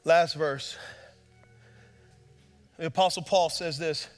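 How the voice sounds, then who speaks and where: A man pastor delivers a sermon in a large church auditorium, and his voice rings with a long hall reverb. His tone is high and bright. He moves between hushed, intimate stretches and loud, shouted peaks. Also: lively intonation, moderate pace, pauses often, faint music behind. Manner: preaching with big swings from hushed to shouting.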